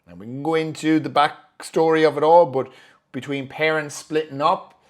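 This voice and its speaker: A man's voice: a little high, moderate pace. A man telling a personal story in a candid, profane and emotional way, acting out his own thoughts as he goes.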